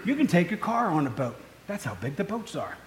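A man's voice: high-pitched, sing-song, a little fast, a little hiss or hum. A man preaching a conversational, storytelling sermon, full of asides to the congregation. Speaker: pastor. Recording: echoey room.

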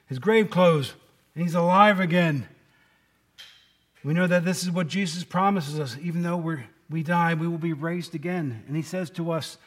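A man's voice: a little high, a bit bright. A man preaching a casual sermon, chatting with the congregation and acting out the quoted lines. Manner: conversational, asks the congregation questions, acts out quotes.

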